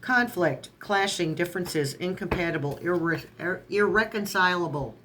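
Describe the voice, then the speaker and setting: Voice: medium pitch, moderate pace, fairly bright tone, slight background noise. A tarot reader in a casual online reading who strings card keywords together, stumbles and corrects words, and adds sarcastic asides.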